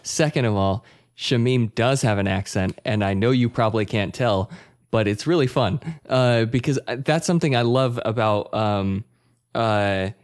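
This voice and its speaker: A man's voice: mid-range voice, unhurried. A man hosting a podcast in casual chat, talking straight to listeners and teasing his co-host. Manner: chatty, teasing, talks to listeners.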